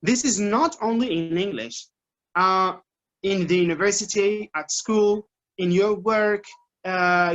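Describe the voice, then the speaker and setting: A man's voice: sits high, a bit bright. A man with an Arabic accent, a native Arabic speaker, teaching English learners in an advice talk, patiently repeating his points and checking in with "okay?". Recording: dull lo-fi recording.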